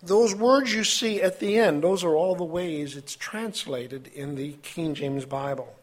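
A man preaching a sermon, reading scripture aloud with his own asides and halting now and then. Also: on the high side. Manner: halting, with fillers and self-corrections.

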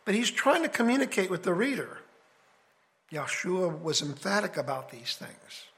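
Male Bible teacher, high-pitched, casual and conversational, walks through his points step by step. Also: big pitch swings, moderate pace, fairly bright tone. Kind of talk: casual scripture study lecture.

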